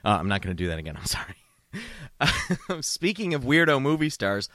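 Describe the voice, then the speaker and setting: Man, comedy podcast host, sarcastic rant, swearing a lot, very lively pitch, bright edge. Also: normal speed, no room sound, studio quality. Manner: sarcastic, profane, mock-outraged.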